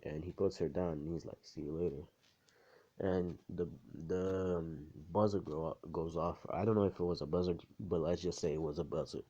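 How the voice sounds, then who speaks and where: A man's voice: low voice, steady tone, moderate pace, mellow, husky. A young man casually telling an improvised fan story, rambling and profane with lots of filler and slang. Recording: dull lo-fi home recording.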